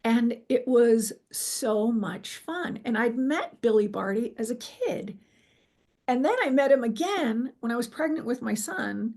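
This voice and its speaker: A middle-aged woman with a gravelly, somewhat high voice tells a personal story in an interview. She is animated, slips into quoting what people said, and fills pauses with ums and restarts. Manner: animated storyteller, acts out quoted dialogue, frequent fillers. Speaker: guest telling her near-death experience.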